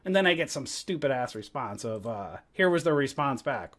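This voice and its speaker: A man's voice: mid-range voice, big pitch swings, moderate pace, hardly any pauses. Angry trading guy going off on a rant, swears a lot, voice swings all over. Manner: heated, swearing, loud outbursts then muttering. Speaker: stock trading educator.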